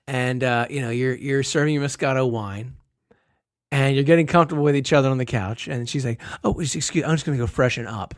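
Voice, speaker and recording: A man's voice: medium pitch, no room sound, clean studio sound. A man co-hosting a casual podcast, reading out a funny news story in a joking way and laughing often. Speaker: podcast co-host.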